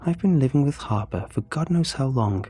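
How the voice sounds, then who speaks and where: A man tells a first-person horror tale in a measured, scripted delivery. His voice is dark and husky, and faint music runs underneath. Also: mid-range voice, expressive. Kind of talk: scripted horror story narration.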